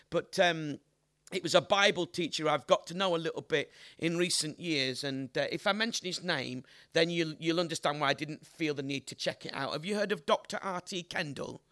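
High, bright-voiced male evangelist. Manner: emphatic, asks the audience rhetorical questions. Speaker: evangelist preacher. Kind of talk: sermon.

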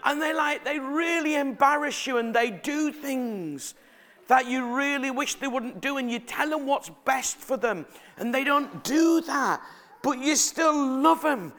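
In a very high voice and at a slightly slow pace, a middle-aged man delivers a sermon. He chats animatedly about his family and puts questions to the congregation.

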